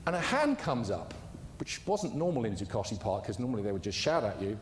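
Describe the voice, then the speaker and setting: A man's voice: on the low side, sing-song, brisk, a little hiss or hum. A man delivering a conference speech, telling an anecdote in an emphatic storytelling way. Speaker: conference speaker. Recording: echoey hall with long reverb.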